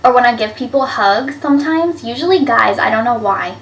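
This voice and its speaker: A woman in her twenties telling embarrassing stories to camera in a chatty, animated way, with lots of "like" fillers. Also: a little high, fairly quick, slight background noise. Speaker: vlogger. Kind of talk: casual storytelling to camera. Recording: echoey room, a bit far from the mic.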